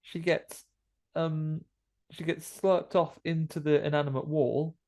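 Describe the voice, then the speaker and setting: A man's voice: fairly high pitch, flat delivery, a little slow, warm tone. A man, co-hosting a podcast and chatting jokily through a horror film recap. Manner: chatty, jokey, acts out quoted lines. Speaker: podcast co-host. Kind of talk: casual film recap chat.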